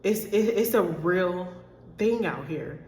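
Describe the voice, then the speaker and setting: A woman's voice: on the low side, animated, slow pace, a little mellow, slight background noise. A woman life coach talking candidly to her followers, choked up and close to tears, repeating herself and calling her viewers y'all. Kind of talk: direct-to-camera talk to followers. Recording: echoey room with long reverb.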